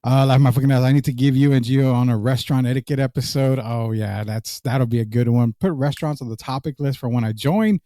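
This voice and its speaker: A man's voice: mid-range voice, fast talker, few pauses, mellow, no echo, studio quality. A man co-hosting a casual sports podcast, joking and reading live comments aloud. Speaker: podcast co-host.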